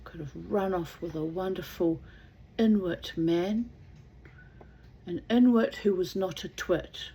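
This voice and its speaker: A woman's voice: fairly low pitch, slow pace, dark tone, breathy edge. A middle-aged woman reading aloud and rambling in wry asides, sometimes dropping to a whisper. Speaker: reader.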